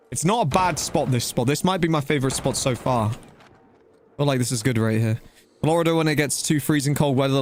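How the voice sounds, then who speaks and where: A young man talks his way through a live game stream, his voice sitting a little high. He chats loosely and casually with his viewers, using easy slang as he plays. A faint ambient hum sits behind him. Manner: chatty and loose, talking to chat while playing, slangy with "bro" and "dude".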